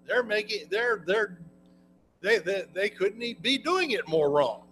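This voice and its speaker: A man's voice: high-pitched, very animated, a little slow, a bit bright, low-quality recording. A man preaching a Bible lesson in a folksy, conversational way, often restarting his sentences. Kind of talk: sermon, Bible class teaching.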